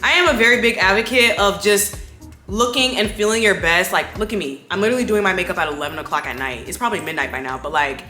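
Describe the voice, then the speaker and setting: A woman's voice: medium pitch, fast, echoey room, soft background music. A woman, chatting casually and emphatically while doing her makeup at home at night. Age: 20s. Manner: animated, emphatic, preachy motivational. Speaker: beauty vlogger.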